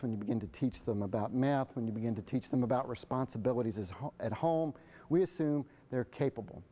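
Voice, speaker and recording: A man's voice: mid-range voice, muffled recording. A man giving a conversational live presentation to parents, often putting questions to the audience in front of him. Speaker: speaker addressing parents.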